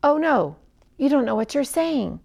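Woman playing a frantic young husband, storybook read-aloud, raised fried pitch. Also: very animated, unhurried, gravelly, a little mellow, heavily acted. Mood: desperate. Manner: pleading, urgent. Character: anxious young husband begging for help.

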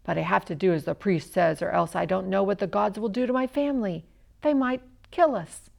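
A woman's voice: medium pitch, brisk, creaky, darkish tone. A woman voicing a bitter, resentful adult male servant in a children's story.

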